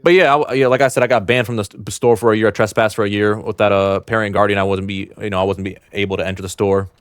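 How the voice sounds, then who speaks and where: A young man telling a personal story to camera in a blunt, slangy, animated way. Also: lowish voice, quick pace, smooth, no echo. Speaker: storytime vlogger.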